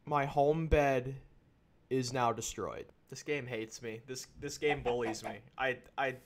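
A man commenting on his own gameplay in a goofy way, talking to the animals and mobs and breaking into panicked yells. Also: mid-range voice, steady tone, normal speed. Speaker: gaming channel host. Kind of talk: let's play commentary.

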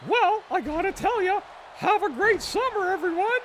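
A man's voice: very high-pitched, lively intonation, moderate pace, a bit bright, slight background noise, pitched above the performer's own voice. A man doing an impression of a cheerful male cartoon mouse in a chirpy, sing-song voice.

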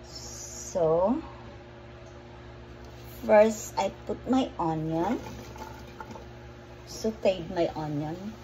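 Middle-aged woman, home cooking vlogger, unhurried and chatty, noisy kitchen with chopping behind her. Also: fairly low pitch, mellow. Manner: chatty, meandering, repeats herself. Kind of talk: casual cooking vlog. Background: chopping and pan sounds.

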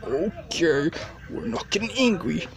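A performer voicing a hot-tempered cartoonish gamer who keeps rising from forced calm into shrieking fits of rage at a hard game. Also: mid-range voice, slow pace, heavy background noise, heavily acted. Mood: frustrated. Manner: swings between forced calm and shrieking outbursts.

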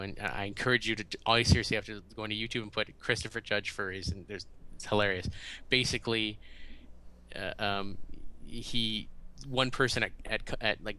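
A man as a podcast guest, telling stories in a halting, animated way and acting out quotes in a raised voice. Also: lowish voice. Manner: halting, often restarts. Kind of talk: casual storytelling in an interview.

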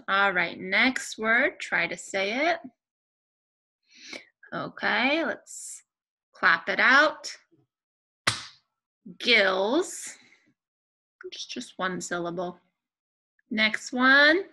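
A young woman teaching a remote lesson to young children, speaking patiently and clearly with pauses between words. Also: mid-range voice, lively intonation, pushed and bright, rough recording.

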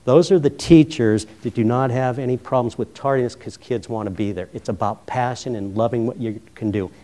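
A middle-aged man from Colorado gives a keynote speech on a roving handheld mic, his voice sitting at an ordinary pitch for a man. He tells funny stories, plays out both sides of each conversation, and then turns earnest when he talks about his years as a school principal. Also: a little fast. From Colorado, USA. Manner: humorous, animated storyteller who acts out dialogue. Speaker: keynote speaker, former high school principal. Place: conference hall.

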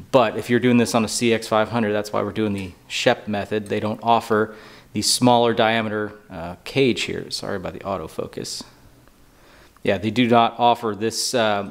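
A man hosting a hands-on repair tutorial, walking through each step in a relaxed way with dry, sarcastic asides. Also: fairly low pitch. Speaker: DIY motorcycle repair tutorial host. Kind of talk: casual how-to walkthrough.

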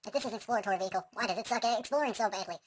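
A young woman commentating her own gameplay, excitable, swearing at enemies, yelping and humming along. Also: mid-range voice, very fast, a little hiss or hum. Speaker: let's play gamer. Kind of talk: casual game commentary.

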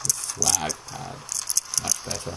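A man's voice: low-pitched, slow, gravelly. Guy talking his buddy thru a scary game, voice swings all over, noisy recording. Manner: excitable, jumps from calm tips to sudden yelps. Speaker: guide to a friend playing a horror game. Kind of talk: casual gaming chat.

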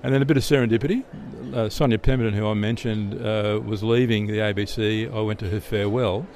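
A man's voice: fairly low pitch, steady tone, fast, a little mellow, a little hiss or hum. A middle-aged Australian man, an interview guest telling stories in a chatty way, often restarting and repeating words. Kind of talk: relaxed storytelling answers.

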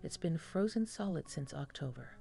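A woman's voice: sits low, animated, normal speed, creaky, warm tone, faint music behind, exaggerated voice. A woman voicing a serious, taunting teenage boy in a scary story, cold and insistent.

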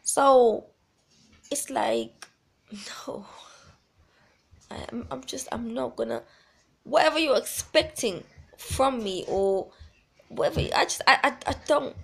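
A woman's voice: a little high, creaky, fairly bright tone. A woman, talking bluntly and emphatically in a rambling vlog. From South Africa. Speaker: vlogger. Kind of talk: casual talk to camera.

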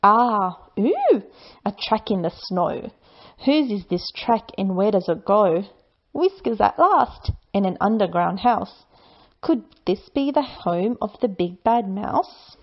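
A woman's voice: medium pitch, expressive, measured pace, dull audio. A woman voicing a small, curious young female monster cub who sounds brave and wondering, in a sing-song storybook manner.

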